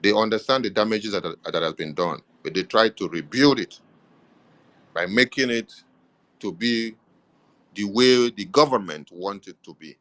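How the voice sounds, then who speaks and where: A man's voice: on the low side, unhurried, fairly bright tone. A man with a Nigerian accent, speaking as a government media minister in an impassioned political address, stressing points with repeated affirmations.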